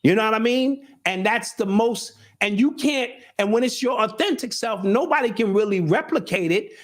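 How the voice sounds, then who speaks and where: A middle-aged man talking in casual conversation with a fairly high voice. He speaks earnestly, almost preaching, and often restarts with repeated words. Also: animated, normal speed. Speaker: show host and guest. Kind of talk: casual chat.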